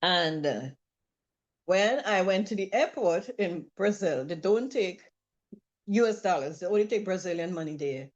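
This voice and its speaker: Lively storytelling woman, dull call audio. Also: lowish voice, normal speed. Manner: lively, acts out quoted voices, laughs often. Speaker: trip participant sharing a story. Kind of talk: casual storytelling.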